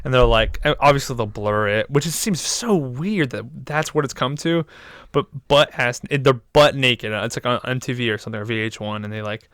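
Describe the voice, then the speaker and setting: A man's voice: mid-range voice, normal speed, a bit bright, no room sound, studio quality. A young man co-hosting a podcast, chatting casually with crude jokes and lots of "like" fillers. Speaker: podcast co-host. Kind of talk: casual chat.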